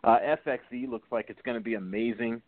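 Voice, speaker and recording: A man's voice: medium pitch, fairly even intonation, fairly quick, no echo. Easygoing male co-host on a phone line. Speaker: radio co-host. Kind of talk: casual talk radio. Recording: dry phone-line audio.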